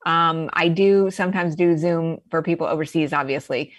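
A woman with a notably low voice speaks as a guest therapist, explaining her work earnestly. The sound is close and dry. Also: normal speed, no room sound. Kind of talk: interview answers.

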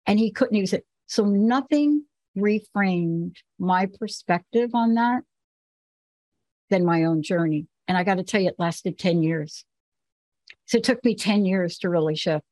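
A woman's voice: medium pitch, unhurried, darkish tone, no echo. A woman from the Bronx, hosting a show and telling candid personal stories with emphasis. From the Bronx, New York. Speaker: host. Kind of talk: casual talk-show conversation.

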